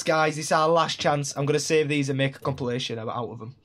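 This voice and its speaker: A man streaming a game live, chatting along and breaking into excited shouts. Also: fairly high pitch, fast talker, few pauses. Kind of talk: live gameplay commentary. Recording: steady background noise.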